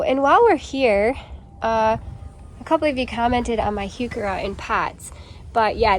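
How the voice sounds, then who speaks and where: Chatty woman, higher voice, outdoor noise. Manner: chatty, rambling, talks straight to viewers. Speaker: gardening vlogger. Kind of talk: casual chat to camera. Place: outdoors in a home garden.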